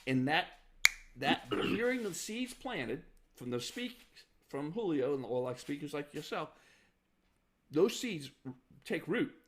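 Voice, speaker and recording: A man's voice: on the high side, big pitch swings, slight background noise. A man hosting a podcast, talking earnestly and encouragingly about mentors. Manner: earnest, encouraging, quick backchannels. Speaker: podcast host. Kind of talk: casual podcast interview.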